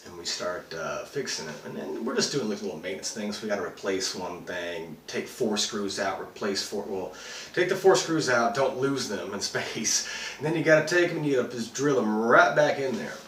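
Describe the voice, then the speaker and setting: A man's voice: low-pitched, fairly bright tone. An actor playing a rattled male astronaut who rambles and swears as he recounts a UFO sighting. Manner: rambling, profane, full of fillers. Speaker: actor performing a monologue. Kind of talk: dramatic monologue. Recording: roomy, distant mic, faint noise.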